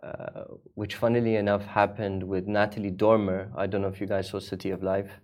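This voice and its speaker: A man's voice: lowish voice, flat delivery, fairly quick. A man talking as an actor guest in a casual interview, rambling with restarts and fillers.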